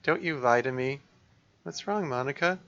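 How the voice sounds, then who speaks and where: A man voicing a caring, persistent young woman who coaxes a friend and keeps gently insisting on helping. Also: medium pitch, normal speed, highs cut off, faint music behind, voice pushed up, close to an everyday voice. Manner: eager, coaxing, gently insistent.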